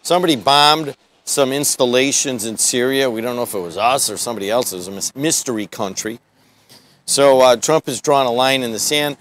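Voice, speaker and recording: Outdoors in the snow, a middle-aged man hosts a morning radio show in a casual talk-radio monologue. His voice is medium-pitched, fairly quick and fairly bright, with a little hiss or hum. He rambles in a folksy, jokey way.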